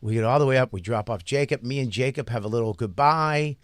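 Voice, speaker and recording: A man's voice: medium pitch, quick pace, no echo, clean studio sound. A man, a comedian co-hosting a podcast, telling a long profane story in a rambling casual way.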